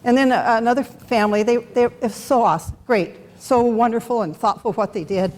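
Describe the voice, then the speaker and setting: Her voice a little high, brisk, and slightly mellow, a middle-aged woman tells her personal story candidly and without a script at a Bible study. The audio carries long hall reverb and a faint noise floor.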